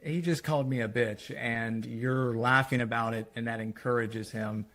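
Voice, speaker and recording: A man voicing an exasperated wife and mother of teenagers, quoted casually and often softly as he retells a story. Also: medium pitch, fairly even intonation, moderate pace, close to an everyday voice.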